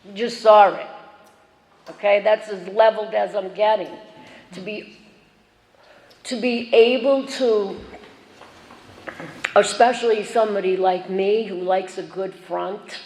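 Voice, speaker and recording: Her voice is medium-pitched and darkish, a little slow, with frequent pauses. Speaking at a recovery meeting in an echoey meeting hall with faint background noise, she tells her own story in a chatty, joking, self-deprecating manner.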